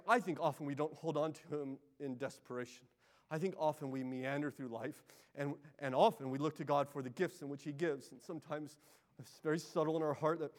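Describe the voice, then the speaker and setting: Impassioned high-voiced male preacher. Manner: impassioned, swings from loud pleading to hushed intimacy. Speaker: pastor. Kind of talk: sermon.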